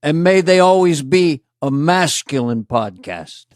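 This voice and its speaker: A man doing a stiff mobster enforcer who speaks in slow, halting, formal phrases. The voice sits fairly high and is recorded dry and close, with no room sound. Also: animated, dry recording. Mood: solemn.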